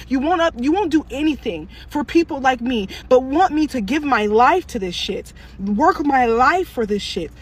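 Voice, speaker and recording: A woman's voice: fairly high pitch, animated, husky. A woman in her twenties, a social worker, venting angrily and swearing through a string of rhetorical questions. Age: 20s. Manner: furious, swearing heavily, rapid rhetorical questions. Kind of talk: angry venting monologue.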